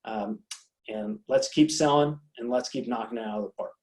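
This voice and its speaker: A man's voice: medium pitch, a little mellow. Man coaching a sales-training talk. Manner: coaching, repeats words, asks "right?"; acts out customer dialogue in quick quotes. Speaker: sales consultant presenting. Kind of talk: recorded sales training presentation.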